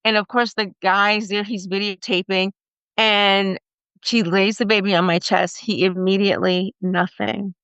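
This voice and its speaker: Bright-voiced woman telling an emotional story. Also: mid-range voice, fairly even intonation, clear, resonant tone, no echo. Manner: halting, emotional retelling with many fillers. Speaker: podcast guest. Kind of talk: personal storytelling. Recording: slightly muffled dry recording.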